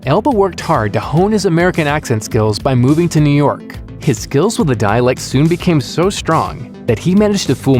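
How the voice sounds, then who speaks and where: A man narrates a scripted entertainment piece with a smooth, upbeat delivery. His pitch is middling but swings freely. A faint music bed sits under the voice-over. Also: a little mellow.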